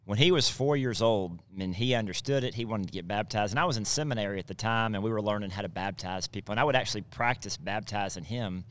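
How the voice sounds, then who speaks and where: A man who is a pastor and podcast co-host, talking casually in a relaxed, matter-of-fact way. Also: on the low side, fast talker, hardly any pauses. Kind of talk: casual chat.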